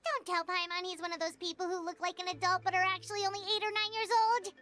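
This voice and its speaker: A woman voicing a tiny, excitable female companion sprite who talks about herself in the third person, in a video game. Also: very high-pitched, fast talker, soft background music. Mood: puzzled.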